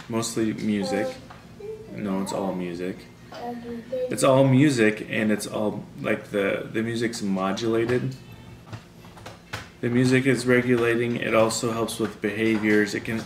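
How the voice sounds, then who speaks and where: A man chatting casually in a family vlog, rambling and restarting his sentences as he explains things. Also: fairly low pitch. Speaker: vlogger, father. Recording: echoey with clear background noise.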